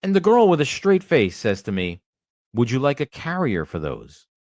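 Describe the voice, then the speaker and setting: A man's voice: mid-range voice, huge pitch swings, normal speed, a little mellow, no echo, clean studio sound. A man hosting a podcast, ranting in casual chat with lots of restarts and swearing. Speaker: podcast host.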